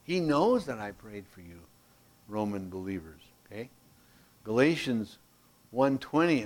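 A lowish-voiced man teaches a Bible class from a handout, unhurried and given to long pauses. He's lively and folksy, sprinkles in playful asides, and moves from emphatic volume to a hush.

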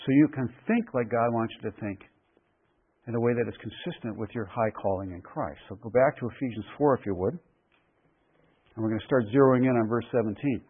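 Man preaching a verse-by-verse sermon, husky, emphatic, repeats key phrases; thin radio broadcast audio. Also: mid-range voice, fairly quick, phone-quality sound. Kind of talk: expository sermon.

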